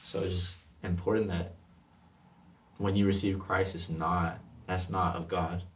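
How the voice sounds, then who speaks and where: A man speaking earnestly and gently about faith in a casual conversation. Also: deep voice, little pitch movement, measured pace, distant mic.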